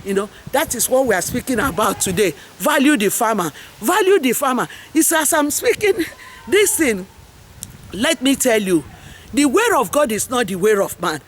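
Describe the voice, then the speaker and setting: A woman's voice: a little high, sing-song, moderate pace, a little hiss or hum. A middle-aged woman with a Nigerian English accent, hosting an impassioned, rambling monologue full of preachy, repeated slogans. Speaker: host and farmers' advocate.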